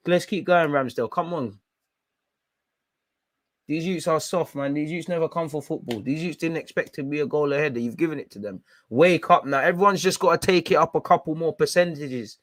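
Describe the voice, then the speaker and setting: A young man streaming a football watchalong, shouting at players and slipping into slang as he grows frustrated. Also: a little high, lively intonation, normal speed. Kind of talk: live match reaction commentary.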